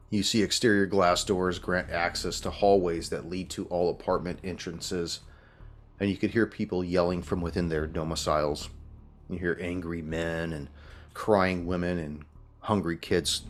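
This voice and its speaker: Very low male game master, relaxed, loose narration with fillers. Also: moderate pace. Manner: laid-back descriptive narration with casual fillers. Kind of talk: narrating a tabletop horror game.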